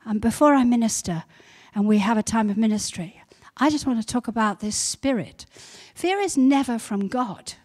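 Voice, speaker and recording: A woman pastor giving a sermon, building to loud repeated emphasis. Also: a little high, expressive, normal speed, hardly any pauses.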